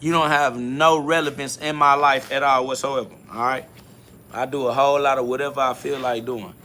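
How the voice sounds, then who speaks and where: A man's voice: medium pitch, fairly even intonation, a little fast, bright, forceful tone, a little hiss or hum. A male podcast host giving a solo spiritual monologue, answering listener comments in a blunt, profane, confrontational way and repeating his catchphrases.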